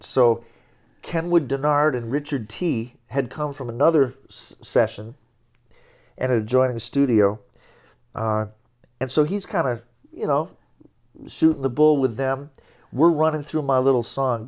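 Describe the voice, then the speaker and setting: A middle-aged man settles into a sit-down interview and tells long anecdotes about his years as a musician. His voice sits at an average pitch, and he gets animated as the stories build, chuckling along the way. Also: normal speed. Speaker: interview guest, jazz trombonist. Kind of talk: relaxed storytelling.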